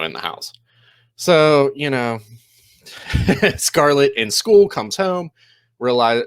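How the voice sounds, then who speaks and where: A man talking through an episode recap in a loose, rambling way, full of "you know" and "um", slipping into quick quoted lines as he goes. His voice sits somewhat low. The sound is dry and close, with little room echo. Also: a bit bright. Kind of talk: casual spoken recap.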